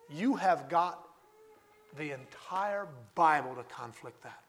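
A man preaching a sermon, earnest and repetitive, slowing down and repeating key phrases for emphasis. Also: high-pitched, animated.

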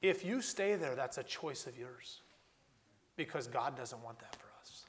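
A man preaching a sermon, earnest and repetitive, slowing down and repeating key phrases for emphasis. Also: mid-range voice, animated, a little hiss or hum.

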